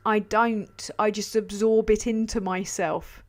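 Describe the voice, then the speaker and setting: A woman hosting a casual livestream and answering viewer questions, excitable and sweary, laughing often. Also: mid-range voice, a little slow, hardly any pauses. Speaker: livestream host.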